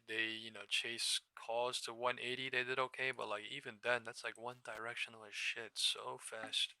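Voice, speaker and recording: A man casually commenting on stock charts during a live trading stream, excitable and profane, thinking aloud as he goes. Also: mid-range voice, clear, resonant tone, dry recording.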